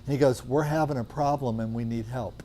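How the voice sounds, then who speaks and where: A man's voice: mid-range voice, steady tone, a little fast, warm tone, slight background noise. A middle-aged man who teaches natural medicine tells a rambling anecdote to a class, acting out the dialogue with lots of chatty fillers.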